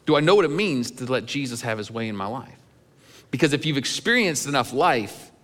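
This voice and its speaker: In a church sanctuary, a middle-aged male pastor gives a sermon, sharing candid personal stories conversationally and with some humor. His mid-range voice is fairly bright, and a long reverb tail trails behind it.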